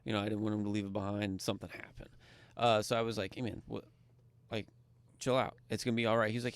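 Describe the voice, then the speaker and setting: Animated storytelling man with a dry sound. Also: lowish voice, fairly quick, creaky, dry recording. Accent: Kentucky. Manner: animated, acts out dialogue, grows loud when excited. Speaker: podcast co-host. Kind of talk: casual storytelling.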